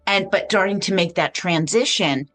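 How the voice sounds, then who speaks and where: A woman's voice: mid-range voice, normal speed, a bit bright, faint music behind. A woman hosting a podcast interview, adding brief, sympathetic remarks. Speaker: podcast host.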